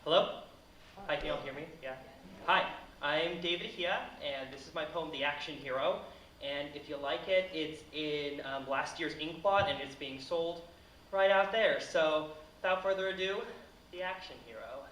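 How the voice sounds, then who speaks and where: A man's voice: a little high, unhurried, pauses often. Theatrical young male spoken-word poet. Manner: theatrical, swinging from hushed to loud bursts. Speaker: student poet. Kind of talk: spoken-word poetry performance. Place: stage in an echoey hall. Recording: echoey hall, from far off.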